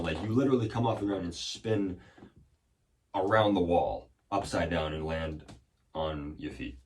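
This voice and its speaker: A man's voice: lowish voice, darkish tone, distant mic, slight background noise. A man telling a casual story as a podcast host, rambling and profane, with many fillers and restarts.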